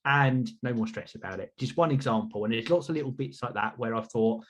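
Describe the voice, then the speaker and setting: A man's voice: medium pitch, fairly quick. A man hosting a podcast, chatting casually in an upbeat, self-reflective way. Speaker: podcast host.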